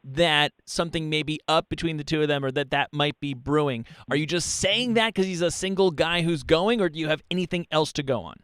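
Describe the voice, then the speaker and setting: A man's voice: on the high side, fairly quick, hardly any pauses, a bit bright, clear, resonant tone, dry recording. A man co-hosting a call-in radio show who throws in dry, joking asides. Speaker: radio co-host.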